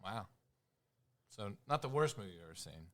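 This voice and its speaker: A man's voice: on the low side, very animated, moderate pace, a bit bright. A man co-hosting a podcast, laid-back, giving short reactions and reading movie facts from notes. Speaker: podcast co-host. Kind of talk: casual chat.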